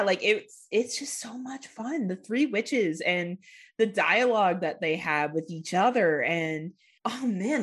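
Woman on a podcast, chatty and animated, mid pitch, cusses a lot and laughs a bunch. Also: husky. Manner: animated, swearing, laughs often. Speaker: podcast co-host. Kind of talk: casual film review chat.

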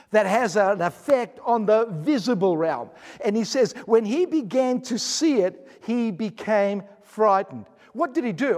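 High-voiced guy preaching slow and emphatic, lots of repeating, long echo like a big church hall. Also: a little mellow. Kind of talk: sermon.

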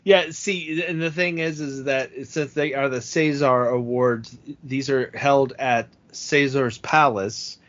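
A man's voice: medium pitch, steady tone, slow, a bit bright, dull audio. A man hosting a casual comedic chat about a film, trading jokes and asides. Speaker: podcast host.

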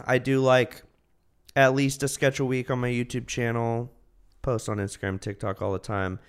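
A man's voice: medium pitch, flat delivery, normal speed, clear, resonant tone. A man, a comedian guest, chatting casually on a podcast in a loose, joking way, laughing often.

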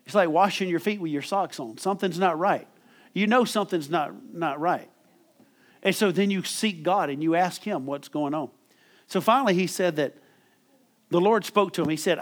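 A man's voice: high voice, moderate pace, long pauses. A middle-aged man preaching a sermon as pastor, emphatic and calling for amens from the congregation. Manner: emphatic preaching with call-and-response.

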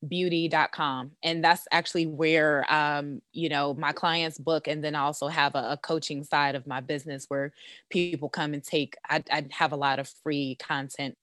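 A woman's voice: deep voice, fairly even intonation, normal speed, a bit bright, dry recording, clean studio sound. A woman, a beauty business owner and coach, talking confidently in a podcast interview with many "you know"s. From United States. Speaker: esthetician and business coach guest.

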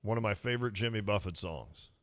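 Bright-voiced guy joking around on a radio show, laughs a lot. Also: fairly low pitch, fast talker, dry recording. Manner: lively, laughs often, teasing. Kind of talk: casual banter.

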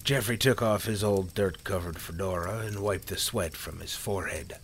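A man narrating a story in a calm, measured reading voice. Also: low-pitched, a little hiss or hum.

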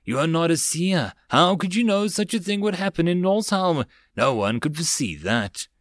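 A caring young princess speaks softly and soothingly, her voice lifted above a man's usual register, as a male narrator puts her on. The sound is dry and close, with no room around it. She turns fierce when pushed but stays tender. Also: expressive, moderate pace, dry recording, lightly acted. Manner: soft and soothing, raised pitch.

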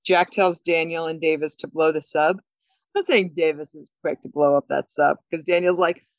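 A woman's voice: low-pitched, moderate pace, no echo. Laughing woman recapping an episode. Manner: animated, laughs often, acts out lines. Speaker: podcast co-host. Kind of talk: casual episode recap chat. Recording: dull, dry sound.

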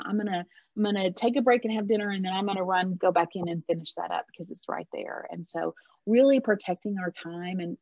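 A woman's voice: lowish voice, dry recording. A woman guest on a podcast, talking in a reflective, rambling way with frequent restarts. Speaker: guest, HR leader. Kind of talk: casual podcast conversation. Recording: dull lo-fi call audio.

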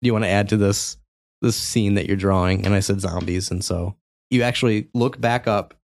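A man in his forties casually recapping a video game for a podcast, telling the story with animated energy and frequent laughter. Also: on the low side, brisk, gravelly, dry recording, clean studio sound. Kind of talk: casual chat.

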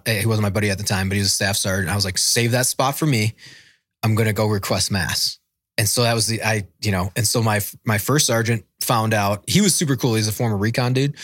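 A man in his thirties with a fairly low voice tells a rambling military story in casual interview talk. He swears freely and acts out the people he quotes. The sound is dry and close. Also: fairly even intonation, a little fast, fairly bright tone, no room sound. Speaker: podcast guest, former Marine.

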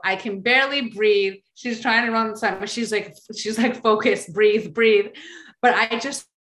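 A woman telling a personal story in a casual, animated way, with many fillers and restarts. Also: mid-range voice, echoey room.

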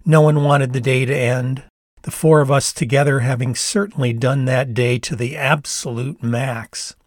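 Older man, from the United States, memoir narration, reflective, mid-pitched voice. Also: fairly even intonation, no room sound, clean studio sound. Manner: measured, reflective storytelling. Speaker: author and narrator. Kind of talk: memoir narration read aloud.

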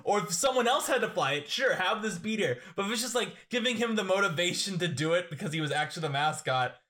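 A man co-hosting a podcast, chatting casually about a film with an animated, jokey manner. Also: high voice, fast talker. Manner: animated, jokey, acts out quotes. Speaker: podcast co-host. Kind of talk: casual movie discussion.

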